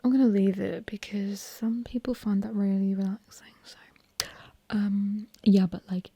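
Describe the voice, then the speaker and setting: A young woman whispers breathily, chatting on and on with plenty of fillers. Her tone is dark and mellow. The sound is dry and close, recorded in a room at home. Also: mid-range voice, little pitch movement, measured pace, slightly rough, no room sound. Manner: rambling, chatty, many fillers. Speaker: ASMR host. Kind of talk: whispered ASMR chat.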